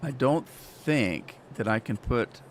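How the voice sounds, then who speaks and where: A man's voice: medium pitch, animated, takes it slowly, slight background noise. A man streaming a farming game, chatting casually and telling rambling stories with chuckles. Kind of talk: casual gameplay commentary.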